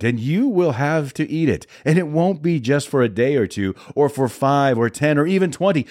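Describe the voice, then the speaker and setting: A man reading the part of a stern, solemn God, with measured pronouncements. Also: mid-range voice, darkish tone, voice pushed up, close to an everyday voice.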